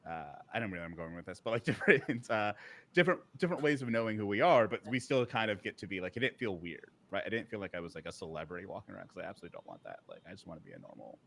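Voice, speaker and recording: A man's voice: low voice, big pitch swings, very fast, gravelly, a bit bright, slight background noise. Rambling man telling a story on a podcast. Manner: rambling storyteller with many fillers and restarts. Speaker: podcast co-host. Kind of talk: casual panel chat. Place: live podcast recording at a conference.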